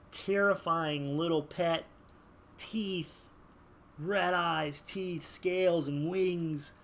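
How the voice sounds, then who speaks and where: A man chatting casually while building a game character, rambling with lots of fillers. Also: on the high side. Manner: rambling, filler-heavy, animated. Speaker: gaming video creator.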